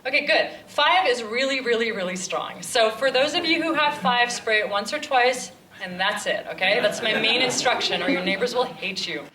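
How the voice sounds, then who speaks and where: A woman's voice: a little high, lively intonation, normal speed. A woman from Los Angeles, chattily giving joking instructions to a cinema audience. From Los Angeles, USA. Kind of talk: live address to a cinema audience. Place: large cinema auditorium. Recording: echoey hall, far from the mic, loud crowd. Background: audience noise and murmur.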